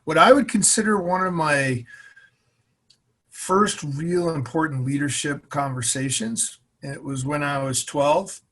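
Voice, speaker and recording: Animated male storyteller from Massachusetts; slightly high voice, acts out the characters. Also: measured pace. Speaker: guest. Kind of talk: storytelling interview.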